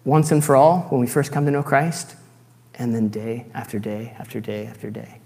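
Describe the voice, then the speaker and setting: A man's voice: mid-range voice, level tone, normal speed, creaky, warm tone, long reverb tail. A man giving an earnest teaching sermon, reading scripture passages aloud and adding light self-deprecating asides. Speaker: preacher.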